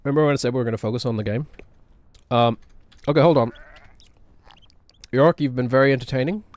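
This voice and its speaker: A male streamer in loose, rambling chat who mocks himself and breaks into laughter often. His voice is a middle pitch for a man. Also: quick pace, darkish tone, no room sound. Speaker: game streamer. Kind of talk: casual live-stream chat.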